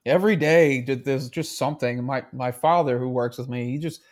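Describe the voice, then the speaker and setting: Holding a handheld mic, a male podcast co-host with a mid-range voice talks a little fast. It's casual talk packed with laughter, crude banter and free swearing.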